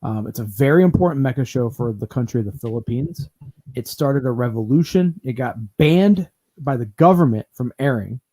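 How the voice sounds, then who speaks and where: Hosting a casual talk-show podcast, a man rambles through easygoing chat full of fillers and restarts. He sounds animated and mellow, with a mid-range voice at normal speed.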